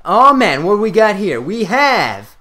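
A young man, giving excitable pack-opening commentary over a hockey video game. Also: sits high, measured pace. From Canada. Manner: excitable, yelps and laughs at pulls. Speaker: gaming video creator.

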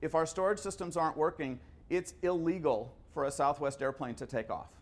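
Fifties male lecturer, somewhat high voice, chatty storyteller who trips over his words. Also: a little fast. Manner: conversational, anecdotal, stumbles and repeats words. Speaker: guest lecturer.

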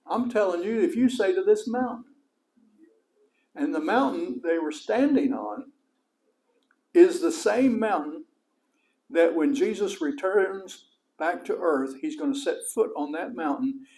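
West texas preacher guy, middle-aged, kinda high voice, folksy and lively, gets loud and high when he's making a point. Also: measured pace, long pauses. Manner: folksy and animated, voice rising high for emphasis. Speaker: pastor. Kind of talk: sermon.

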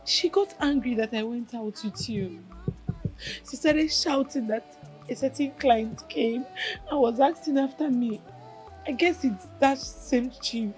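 An actress playing a humiliated young woman who quietly recounts her hurt. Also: sits high, unhurried, soft background music, poor audio.

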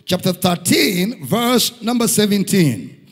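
A man's voice: high-pitched, big pitch swings, takes it slowly, slightly rough. A middle-aged Nigerian man preaching a sermon in a church hall, emphatic, repeating key lines for stress. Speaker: pastor. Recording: long hall reverb.

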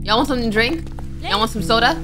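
A woman's voice: on the high side, quick pace, music in the background. A young woman streaming a game, chatting to herself and reading the characters' lines aloud. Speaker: gaming streamer. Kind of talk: playthrough commentary with read-aloud dialogue.

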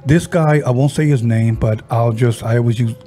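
Telling a casual ghost story on his podcast, a man with a warm, dark, medium-pitched voice switches between his own narration and his friend's words. His delivery is halting, full of fillers and frequent restarts, while faint music runs underneath.

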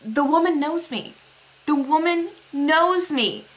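A woman's voice: high-pitched, animated, slow pace. A young woman vlogger unboxing mail, gushing with gasps and breathless exclamations as she shows each item. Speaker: beauty vlogger.

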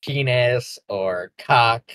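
A young man hosting a podcast, rambling and excitable in crude casual banter, laughing often. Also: mid-range voice, drawn-out words. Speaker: podcast host.

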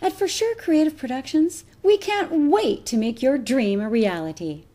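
A woman voice actor introduces her voice reel in a playful, lively way. Her pitch moves with lively swings. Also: normal speed. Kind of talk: voice reel presentation.

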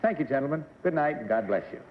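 A middle-aged man hosting a television game show with genial, brisk announcements. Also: medium pitch, animated, loud music behind the voice. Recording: dull 1960s TV broadcast, hall reverb, faint hiss.

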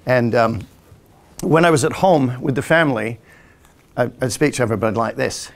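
A man's voice: mid-range voice, normal speed, vocal fry, long pauses. A man in his sixties from England, hosting a podcast and telling rambling stories about his childhood in a casual way while acting out family voices. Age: 60s. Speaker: podcast host and hypnotist. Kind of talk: casual storytelling.

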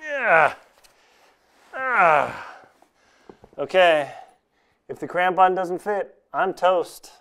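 A man's voice: high-pitched, very animated, extremely slow, long pauses, fairly bright tone. A man chatting casually in an unboxing vlog from home, joking and laughing at himself as he reviews gear. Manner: chatty, self-mocking, jokes and laughs at himself.

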